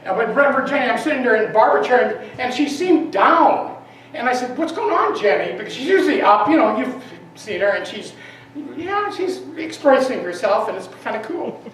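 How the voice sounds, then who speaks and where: This woman's voice is a little high and brisk, with lively intonation and a touch of hiss or hum. Serving as a lay minister, she offers a conversational sermon in a church meeting room, putting questions to those gathered. A distant mic captures her in a very echoey space.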